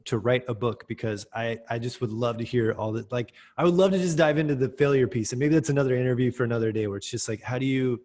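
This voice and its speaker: A man's voice: medium pitch, steady tone, quick pace, few pauses, darkish tone. American guy hosting a chat, lots of likes and ums, rambles on his questions. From USA. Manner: rambling, hesitant, many fillers. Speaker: host. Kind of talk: casual interview chat.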